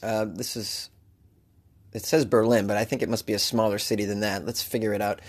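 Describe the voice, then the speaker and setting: A man hosting a comedy news show, reading odd headlines and riffing on them with sarcastic, animated rants and mock voices. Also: lowish voice, brisk, breathy edge. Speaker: podcast host.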